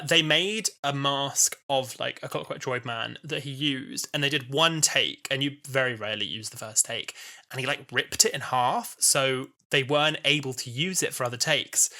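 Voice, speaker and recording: Young man, podcast co-host, very bright sharp voice, enthusiastic gushing chat. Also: medium pitch. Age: 20s. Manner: enthusiastic, gushing fan talk.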